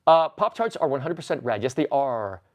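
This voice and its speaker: A man hosts a laid-back livestream from a room crammed with toys. He rambles goofily and reads the chat aloud, and his pitch jumps around a lot. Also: sing-song, fairly quick, darkish tone. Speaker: livestream host. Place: toy-filled room.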